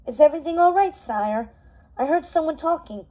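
A woman's voice: sits high, animated, normal speed, mellow, voice pushed up. A woman voicing a demanding, suspicious male snake courtier, read aloud from a storybook. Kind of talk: storybook readaloud.

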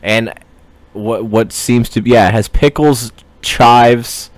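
A man's voice: medium pitch, takes it slowly, dry recording. A man hosting a casual chat, laid-back and offhand, swearing freely as he talks. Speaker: host.

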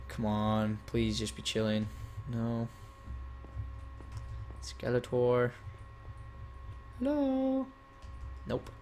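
A young man hosting a gaming channel chats in a mid-range voice as he plays, teasing and playful but occasionally frustrated. There's a little hiss or hum in the clip.

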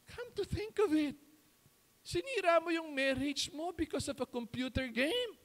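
A man's voice: extremely high pitch, lively intonation, brisk. A man with a Filipino accent, a pastor preaching a sermon in Taglish, firing rhetorical questions and answering them himself.

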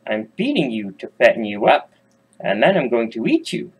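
A man voicing a creepy old witch who plans to eat children, in a high, shrill crooning voice. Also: huge pitch swings, normal speed, slightly rough. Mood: gloating.

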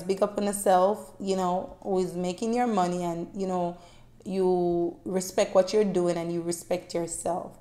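A woman, chatting to her viewers in a casual, heartfelt way, swinging between loud bursts and soft tones. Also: medium pitch. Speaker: vlogger. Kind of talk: casual storytelling to camera. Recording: roomy echo, faint music.

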